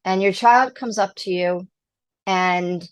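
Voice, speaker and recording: A middle-aged woman, a podcast guest, giving parenting advice in an emphatic, animated way and acting out the lines she quotes. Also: mid-range voice, slow, smooth. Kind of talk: casual advice interview.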